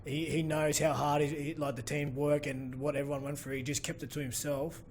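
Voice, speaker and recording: An Australian man as a podcast guest, talking in halting casual chat with many restarts. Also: a little high, level tone, a little hiss or hum. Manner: halting, repeats himself.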